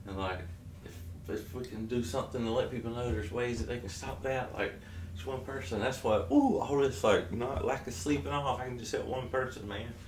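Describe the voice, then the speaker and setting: A man's voice: medium pitch, a little fast, echoey room, recorded from a distance, a little hiss or hum. Rambling Southern man in his thirties. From South Georgia, US. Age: 30s. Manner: rambling, jokey, self-interrupting. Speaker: keto vlogger. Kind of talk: casual rambling vlog.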